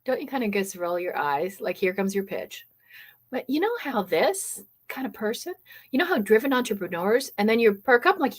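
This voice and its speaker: A woman's voice: fairly high pitch, fairly quick. A woman hosting a live online business workshop as a coach. She talks with lots of energy, fills her speech with "um," and keeps checking in with "okay?". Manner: energetic, many fillers and "okay?" check-ins; reads and answers live chat comments.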